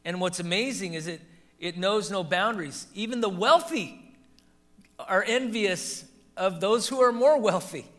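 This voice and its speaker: Pastor, male, slightly high bright voice, lively storyteller. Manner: animated storytelling, laughs at his own anecdotes. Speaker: pastor leading a Bible study. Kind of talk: teaching and discussion.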